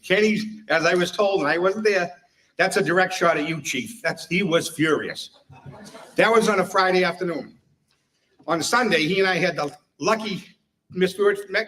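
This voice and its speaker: A man gives a retirement tribute, telling funny stories and laughing at his own jokes. His voice sits a little high for a man. He is heard from some distance off the mic. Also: a bit bright. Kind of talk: humorous public speech.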